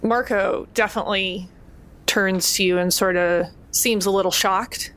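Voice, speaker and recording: A woman's voice: mid-range voice, fairly even intonation, measured pace, fairly bright tone. A woman narrating scenes as game master of a tabletop game.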